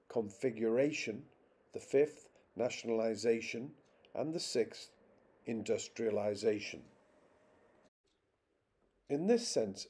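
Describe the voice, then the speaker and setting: A man narrates an instructional lesson at an unhurried, careful pace. His voice is mellow and dark, and he reads example words one by one with deliberate spacing. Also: mid-range voice. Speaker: teacher.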